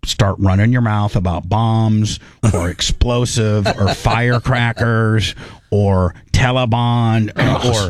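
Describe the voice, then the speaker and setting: A man's voice: mid-range voice, no room sound. Rambling man telling a comic story. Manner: rambling, full of fillers and acted-out quotes.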